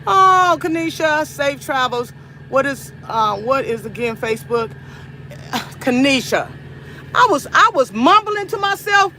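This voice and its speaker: A woman's voice: high voice, animated, unhurried, sharp tone, slight background noise. A woman truck driver chatting casually with her livestream viewers, rambling and talking straight to them with lots of "y'all". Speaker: long-haul truck driver and livestream host.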